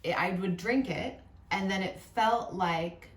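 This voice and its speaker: A woman's voice: mid-range voice, takes it slowly, recorded from a distance. Laid-back woman vlogger, roomy sound. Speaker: travel vlog co-host. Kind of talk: casual chat. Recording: roomy, from the mic, faint hiss.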